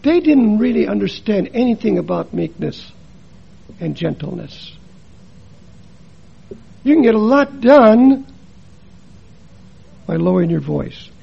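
Husky high-voiced male preacher. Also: muffled recording. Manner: storytelling, switches between quiet and emphatic. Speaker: preacher and missionary. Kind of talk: sermon with personal stories.

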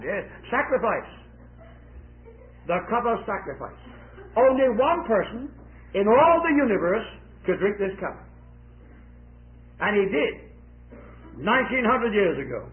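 A man preaching a sermon with an object lesson. He is dramatic, swings widely in loudness and pitch, and quizzes the children in the audience. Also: narrow, tinny audio.

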